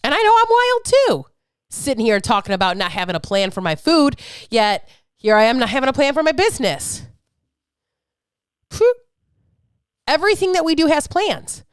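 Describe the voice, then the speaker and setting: This fitness coach and podcast host, a woman in her thirties, speaks on the high side, expressive at normal speed and pausing often. Her unfiltered podcast rant is blunt, profane, fired-up and preachy, with a clean, dry, close sound and no room sound.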